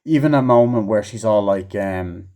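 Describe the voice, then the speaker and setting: A man's voice: lowish voice, normal speed, mellow. A man giving a casual, rambling movie review, swearing often and mimicking characters in mocking voices. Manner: rambling, profane, acts out scenes in mocking voices.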